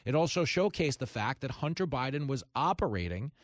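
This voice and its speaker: Animated, sarcastic man hosting a radio show. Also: mid-range voice, brisk, no echo, clean studio sound. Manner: heated, sarcastic, mocking voices of opponents. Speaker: radio talk show host. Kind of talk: opinionated radio monologue.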